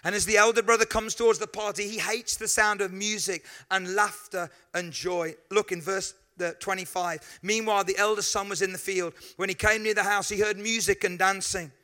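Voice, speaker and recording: In this sermon, a male pastor tells lively stories to his congregation and keeps breaking off for quick asides to them. His voice is high for a man and sounds bright and forward.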